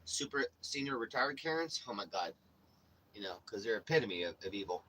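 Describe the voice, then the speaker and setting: This young livestream host has a fairly low pitch, lively intonation and a brisk, bright, forceful delivery. Ranting casually to his live chat, he's blunt, swaggering and profane, saying "bro" constantly, on a low-quality recording with a little hiss or hum.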